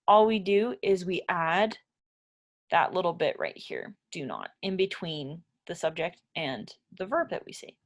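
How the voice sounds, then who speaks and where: A woman's voice: on the low side, very animated, a little slow. Patient woman teaching grammar. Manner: patient, explains step by step, asks learners questions. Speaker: English teacher. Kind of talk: grammar lesson.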